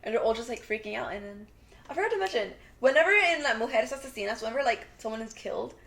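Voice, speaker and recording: A woman's voice: fairly high pitch, fast, creaky. A young woman co-hosting a podcast, retelling a TV episode in casual chat, acting out the characters' lines and saying "like" a lot. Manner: animated storytelling, acts out quotes, many "like" fillers. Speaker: podcast co-host.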